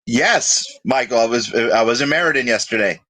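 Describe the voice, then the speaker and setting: Live show co-host, man, mid-pitched, chatty and rambling, reads comments aloud as he goes. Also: lively intonation, moderate pace, bright, forceful tone. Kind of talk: casual live-stream chat.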